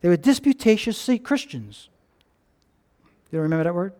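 Male pastor, very high voice, animated sermon storytelling with questions to the crowd. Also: moderate pace. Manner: animated storytelling, acting out characters' lines; asks the congregation questions.

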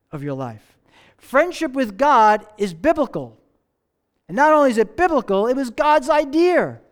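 Male pastor, high voice, smooth and clear, conversational sermon full of rhetorical questions and repeated phrases.

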